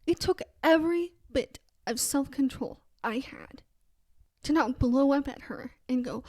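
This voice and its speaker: A woman's voice: sits high, a little slow, darkish tone, no room sound. Chatty woman podcast host, dry close sound. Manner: chatty storytelling with quoted voices. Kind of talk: casual faith podcast monologue.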